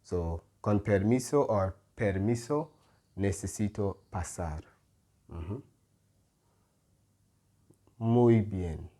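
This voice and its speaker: A man tutoring Spanish in English, unhurried and explanatory, often checking in with "right?" and "mm-hmm.". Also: lowish voice, dark tone.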